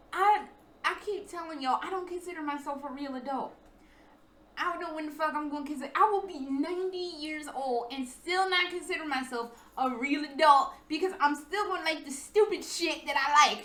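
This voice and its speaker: A high, bright-voiced young American woman rattles through a profane storytime from her apartment, animated and self-mocking, and acts out the people she quotes. Her voice rings in a roomy, echoey space. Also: normal speed. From United States. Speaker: vlogger. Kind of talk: casual storytime chat.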